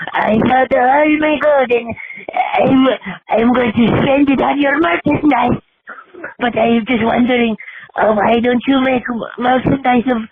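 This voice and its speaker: A man voicing a whiny little gold-hoarding creature, leaving a pleading voicemail. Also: very high voice. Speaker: caller. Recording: tinny phone voicemail with hiss.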